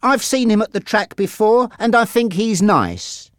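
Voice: mid-range voice, animated, measured pace, dry recording, studio quality, voice pushed up, close to an everyday voice. A narrator voicing a shy, smitten teenage girl in a storybook reading. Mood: eager.

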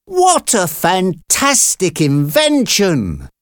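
A man voicing an excitable, eager Moorish king in a storybook reading, with slow, emphatic exclamations. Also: high voice, no echo, clean studio sound, voice pushed up, full character voice. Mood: excited.

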